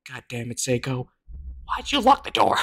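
A woman's voice: a bass voice, sing-song, normal speed. A woman narrating her gameplay with wry, joking asides. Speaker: gameplay streamer. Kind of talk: let's play commentary.

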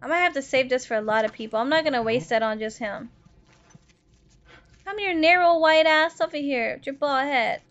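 High-voiced woman cursing through a game stream. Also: normal speed. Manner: profane, laughing, loud outbursts. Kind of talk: casual gameplay commentary chatting with viewers. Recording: dull lo-fi stream audio with faint music.

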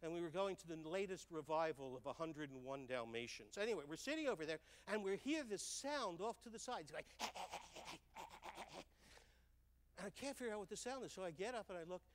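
An older man giving a stage talk, telling lively stories and checking in with the audience with "right?" and "okay?". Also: sits high, fast talker, big-room sound. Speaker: speaker. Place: large hall on stage.

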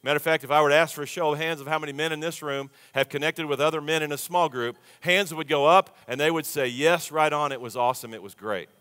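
Fast and with hardly any pauses, this man speaks in a highish, steady, somewhat bright voice. He's a pastor giving a folksy, conversational sermon with call-and-response from the congregation, and the big church hall adds a long reverb.

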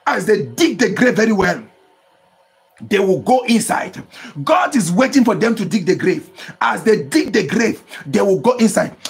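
Male pastor, impassioned sermon with tongues, high animated voice with a rough edge. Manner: preaching with call-and-response and bursts of tongues.

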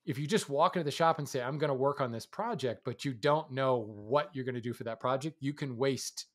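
Relaxed man explaining woodworking on a podcast. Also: mid-range voice, brisk. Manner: relaxed, explanatory, laughs easily. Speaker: podcast co-host and woodworking teacher. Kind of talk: casual podcast chat.

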